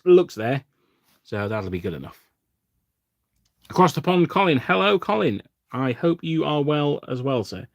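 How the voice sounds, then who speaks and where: A man's voice: lowish voice, no room sound, studio quality. A man from England hosting a casual livestream, chatting with viewers while painting miniatures and rambling with lots of fillers. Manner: rambling and self-deprecating, with frequent fillers. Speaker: livestream host.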